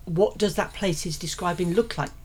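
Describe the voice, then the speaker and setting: A woman's voice: lowish voice, moderate pace, darkish tone. A woman co-hosting a casual faith podcast, chatty and rambling, often laughing between thoughts. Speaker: podcast co-host.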